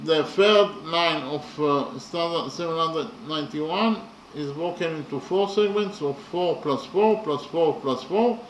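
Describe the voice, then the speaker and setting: Slow, methodical man lecturing in an echoey room. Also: fairly high pitch. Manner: slow and methodical, with many pauses and fillers. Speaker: lecturer on poetry. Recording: echoey room with faint ambient noise.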